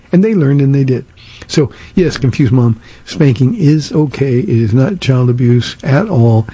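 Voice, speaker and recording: Older pastor with a dark husky voice. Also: male voice, medium pitch, no echo. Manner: earnest, halting, many restarts and fillers. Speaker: pastor, radio host. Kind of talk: radio Bible teaching, answering listener questions.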